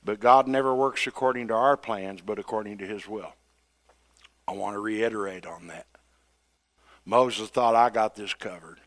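A man's voice: normal speed, long pauses. A man preaching a sermon, retelling scripture with dramatic quoted voices. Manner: dramatic, acts out quoted voices with rising pitch and loudness.

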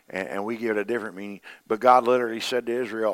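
An older man with a low voice preaches a sermon. He swings between loud, emphatic lines and hushed, quiet ones. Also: steady tone, racing, hardly any pauses. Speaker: pastor.

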